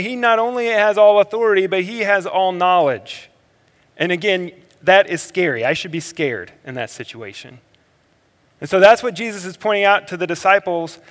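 Man, pastor, sermon, fairly high voice, long hall reverb, energetic then hushed. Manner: swings between energetic emphasis and quiet, slow reflection.

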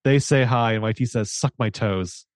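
A man's voice: mid-range voice, moderate pace, dry recording, studio quality. A man co-hosting a book podcast, chattily recapping a novel and reading dialogue aloud. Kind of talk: casual chat, recapping a novel.

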